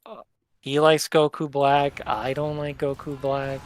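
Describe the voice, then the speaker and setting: A man's voice: mid-range voice, level tone, measured pace. A young man streaming a game, chatting casually in a blunt and opinionated way.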